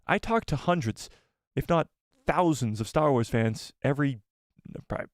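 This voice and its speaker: A man hosting a live fan show, chatting casually, reading donation messages and reacting with animated repeats. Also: mid-range voice, normal speed, dry recording, studio quality. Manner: animated, exclaiming, repeats himself.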